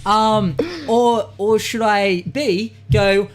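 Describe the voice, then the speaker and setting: A man in casual podcast chat, talking in an animated way, swearing freely and acting out tough-guy voices. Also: high voice, takes it slowly, hardly any pauses. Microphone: studio podcast mic.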